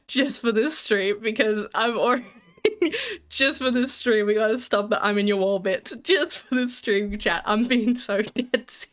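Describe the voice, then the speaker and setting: Her voice a little high and fairly bright, a woman streamer chats with her audience at a measured pace as she plays. She rambles, giggles and keeps restarting sentences.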